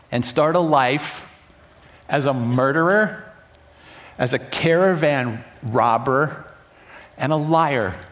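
A middle-aged man preaching a sermon, telling stories and acting out the quoted lines with sudden jumps up in pitch. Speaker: pastor.

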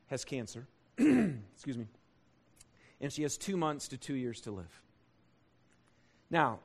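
High-voiced animated preaching man. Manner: animated and conversational, asking the congregation questions; swings from fast excited bursts to slow soft emphasis. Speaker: pastor. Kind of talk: sermon.

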